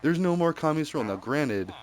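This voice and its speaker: A man's voice: a little high, lively intonation, quick pace. A man ranting in a casual, rambling way, heated and packed with fillers and restarts. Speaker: streamer. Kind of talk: casual rambling opinion rant. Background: music.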